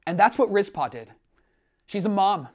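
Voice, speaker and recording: Man, pastor, sermon, earnest, emphatic then hushed, slightly higher voice. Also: lively intonation, normal speed. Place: church online service.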